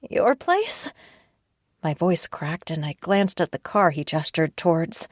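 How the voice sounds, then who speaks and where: A woman narrating a first-person audiobook with a low voice and a wry, tense inner monologue. She sits close to a studio mic, in a dry recording with no room sound. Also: steady tone, moderate pace, dry recording.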